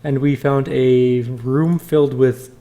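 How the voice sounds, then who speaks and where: A man's voice: mid-range voice, level tone, slow, mellow. A man hosting a let's play, giving casual game commentary with wry asides and reading the dialogue aloud.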